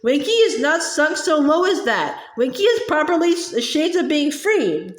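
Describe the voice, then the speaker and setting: A woman voicing a tearful, shrill female house-elf fiercely loyal to her former master. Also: expressive, normal speed, echoey room. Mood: distraught. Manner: shrill, squeaking and crying.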